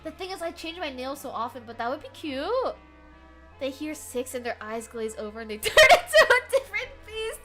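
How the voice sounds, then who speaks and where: A woman's voice: high voice, big pitch swings, fairly quick, over loud music. A woman streamer chatting casually and animatedly, laughing often and swearing freely. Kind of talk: casual chat.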